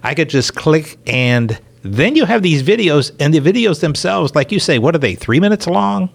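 A man's voice: fairly high pitch, very animated, normal speed, vocal fry. A man hosting a radio talk show, enthusiastic and stumbling over his words. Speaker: radio host.

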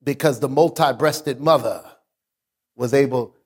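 A male pastor preaching a sermon, calling out to the congregation and stretching out words for emphasis. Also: breathy edge. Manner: preaching with call-outs to the congregation; swings from low explaining talk to raised, drawn-out emphasis.

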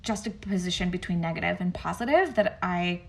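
A woman's voice: fairly low pitch, lively intonation, a little fast, creaky. Bubbly, giggly woman from Mexico. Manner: bubbly and giggly, with frequent laughs and fillers. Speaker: podcast co-host. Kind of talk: casual chat.

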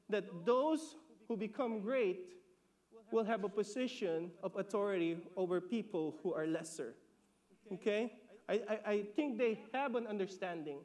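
A man from the Philippines preaching with a notably high voice. He talks in an animated, conversational way, repeats words as he builds a point, and checks in with the congregation. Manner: laughs between points, asks "okay?". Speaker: pastor. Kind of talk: sermon.

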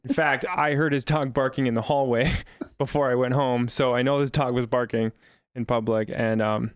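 A man tells a story from his job as a general manager at a brisk clip, at a middle pitch. His tone is wry, and he laughs as he quotes the people involved. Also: fairly even intonation, clear, resonant tone, no room sound, clean studio sound. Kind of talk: casual storytelling.

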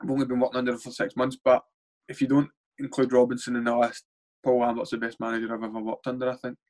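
A young Scottish man, a footballer, telling stories in casual chat, animated and swearing freely as he acts out what others said. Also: medium pitch, quick pace. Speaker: footballer guest. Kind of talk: casual storytelling.

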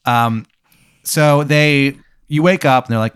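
Male host, deadpan improv narrator, mid pitch, dry. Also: slow pace, clean tone, dry recording. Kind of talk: improv storytelling.

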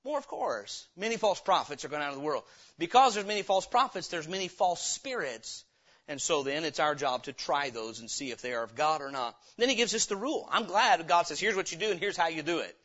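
A man's voice: a little high, lively intonation, brisk, a bit bright, muffled recording. A male pastor preaching a sermon, emphatic, throwing rhetorical questions at the congregation. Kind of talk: sermon, Bible teaching.

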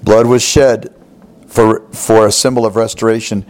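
A man's voice: lowish voice, flat delivery, normal speed, darkish tone. A man preaching a sermon, retelling a parable and voicing its characters with expression. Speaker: pastor.

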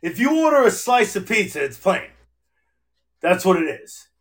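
Podcast host, man, New Jersey accent, high-pitched, profane, rambling storyteller who laughs through his own anecdotes. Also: very animated, normal speed. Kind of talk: casual chat.

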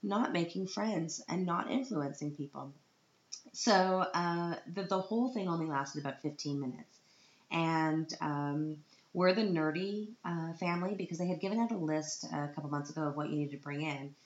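A woman's voice: deep voice, normal speed, reverberant, dull audio. A woman from Canada telling a casual vlog story in a chatty, self-mocking way, laughing often. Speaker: vlogger, autism group organiser.

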